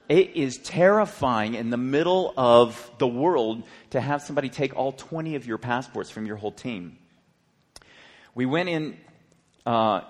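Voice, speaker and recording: A man preaching, earnestly and dramatically retelling a story with quoted dialogue. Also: mid-range voice. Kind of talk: sermon storytelling. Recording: long hall reverb.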